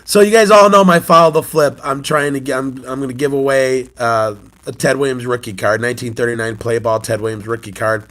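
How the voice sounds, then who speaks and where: A man's voice: medium pitch, steady tone, brisk, a bit bright. A man in his forties hosting a casual morning chat on his channel, telling a family story with frequent laughter and a recurring cough. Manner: chatty storyteller, laughs often. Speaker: channel host, sports-card collector and youth coach.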